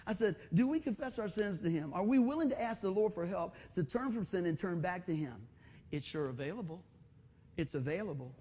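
A man preaching a sermon, lively and acting out little everyday scenes with voices. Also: high voice, breathy edge. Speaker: pastor.

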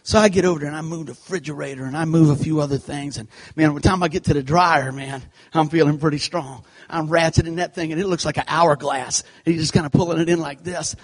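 A man giving an animated sermon, telling a folksy personal story and acting out the scenes. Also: fairly high pitch, fast, few pauses. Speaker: church speaker. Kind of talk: sermon told through a comic personal story.

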